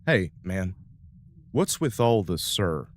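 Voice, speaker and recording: A man's voice: deep voice, big pitch swings, slow, no room sound, clean studio sound, heavily acted. A man voicing a blunt but caring male starship captain in a tabletop space game. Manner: casual, swears.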